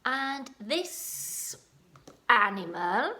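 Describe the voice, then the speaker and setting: A Welsh woman teaching young children to read from home. She speaks at a slow, deliberate pace and sounds out each letter with patient encouragement. Her voice is bright and fairly high. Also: sing-song. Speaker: primary school teacher. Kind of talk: phonics lesson for home learning.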